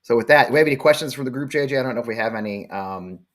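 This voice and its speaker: A man's voice: mid-range voice, racing, a bit bright. Blunt, swearing male show host. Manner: blunt, profane, defiant. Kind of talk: live show monologue.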